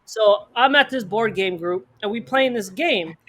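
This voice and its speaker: A man co-hosting a podcast, telling a story in casual slang, animated and acting out the people in it. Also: high voice. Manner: fast bursts of speech, slang-heavy. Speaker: podcast co-host.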